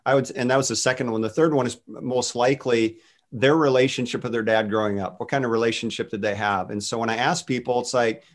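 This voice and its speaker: A man's voice: mid-range voice, fairly even intonation, fast. A middle-aged man, a guest minister, earnestly telling personal faith stories in a casual talk, with many restarts.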